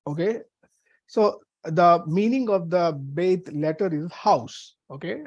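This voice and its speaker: Casting: high-pitched man, halting Bible teacher, dry close sound. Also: a little mellow, no echo, lo-fi sound. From India. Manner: halting, many fillers and restarts. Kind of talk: teaching a lesson on Hebrew letters.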